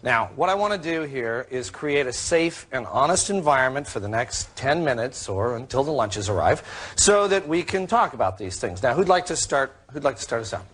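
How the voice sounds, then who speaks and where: An earnest, husky meeting leader. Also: male voice, medium pitch, lively intonation, normal speed, a bit bright. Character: earnest male workplace meeting facilitator.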